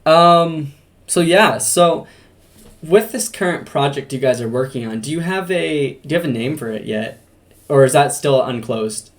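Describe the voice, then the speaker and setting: A man's voice: on the high side, expressive, moderate pace. A man hosting a casual podcast interview, asking rambling questions and laughing easily. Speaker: podcast host.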